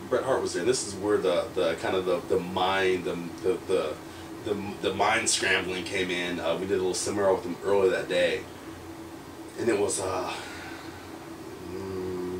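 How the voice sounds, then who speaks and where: An American man, a young adult pro wrestler, telling candid stories in an interview, animated, laughing often and restarting his sentences. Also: low-pitched, normal speed, background noise. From United States. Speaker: professional wrestler, guest. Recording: roomy echo, mic at a distance, faint ambience.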